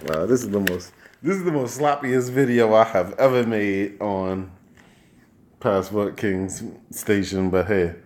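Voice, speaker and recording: A man's voice: lowish voice, a little slow, darkish tone. A man hosting a late-night livestream on a handheld microphone, telling rambling, profane stories and laughing often. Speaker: travel show host. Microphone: handheld microphone and headphones.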